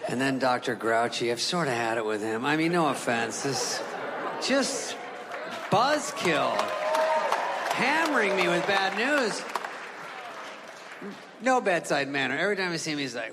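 A man's voice: on the high side, big pitch swings, measured pace, pauses often, background noise. A man from California doing a stand-up comedy set, exasperated and profane. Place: comedy stage before an audience. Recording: reverberant hall with laughing crowd.

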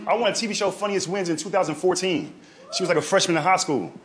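Animated young man telling a story. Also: high voice, quick pace. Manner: animated, repeats "right?" and "dog". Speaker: stand-up comedian. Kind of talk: casual storytelling.

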